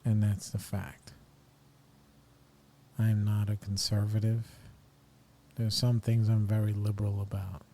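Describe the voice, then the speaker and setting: A man's voice: fairly low pitch, level tone, unhurried, long pauses, warm tone, a little hiss or hum. A middle-aged man hosting a podcast, ranting bluntly and casually in slangy opinionated talk. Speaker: podcast host.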